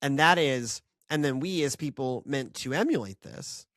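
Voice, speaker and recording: Co-host, animated scripture chat, lots of fillers and restarts, dry close mic, mid pitch. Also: normal speed, no echo. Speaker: podcast co-host. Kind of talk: casual Bible discussion.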